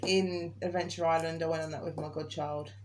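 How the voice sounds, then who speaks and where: A woman's voice: low voice, level tone, brisk, a little mellow, a little hiss or hum. A woman vlogger in casual chat, talking and laughing often. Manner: chatty, laughs often, quotes others in raised voice.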